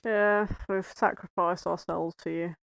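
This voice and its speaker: Slow, teasing woman on a podcast. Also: lowish voice, steady tone, vocal fry, no room sound. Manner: teasing, laughing asides. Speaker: podcast co-host. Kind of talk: casual chat.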